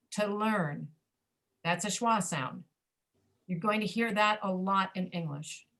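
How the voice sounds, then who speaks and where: A woman teaching a pronunciation class over a video call, demonstrating reduced speech and often checking that students understand. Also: mid-range voice.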